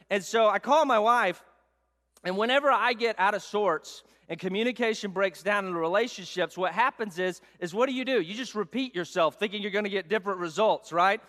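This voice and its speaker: A man preaching a sermon, telling a self-mocking story in an animated way. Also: high-pitched. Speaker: pastor. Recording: long hall reverb.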